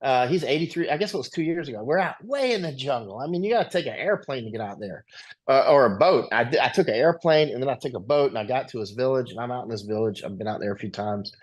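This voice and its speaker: A man's voice: medium pitch, lively intonation, quick pace. Man rambling through anecdotes. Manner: rambling anecdotal, tag questions. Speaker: guest. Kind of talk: conversational interview storytelling.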